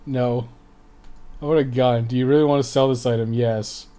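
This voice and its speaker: A man's voice: mid-range voice, steady tone, moderate pace, warm tone, smooth. A man streaming a video game live, reading the on-screen text aloud and swearing often.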